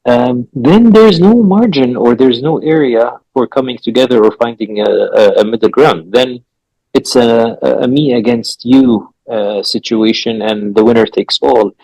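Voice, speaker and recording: A male author guesting on a radio show, with American-influenced English and Arabic as his first language. His voice sits at an ordinary pitch with a dry, close sound, and he speaks haltingly with many fillers. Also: a little mellow, no echo, low-quality recording. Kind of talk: radio interview.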